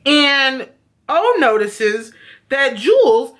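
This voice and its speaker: A woman vlogger casually recapping a TV episode, telling it in an excitable, profane way. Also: high voice, very slow.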